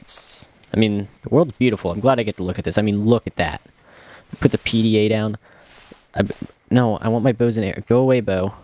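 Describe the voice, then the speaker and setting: A man's voice: fairly low pitch, brisk, a little mellow, no room sound. Chatty young man narrating his gameplay. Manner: chatty, talks to himself, jokey and self-mocking. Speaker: gameplay commentator. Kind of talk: casual let's-play commentary.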